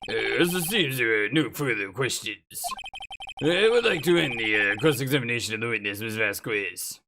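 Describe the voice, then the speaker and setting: A player reading lines for a hesitant older male judge in a courtroom video game, halting and full of uhs, over game music. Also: mid-range voice, animated, background noise, voice pushed down, close to an everyday voice.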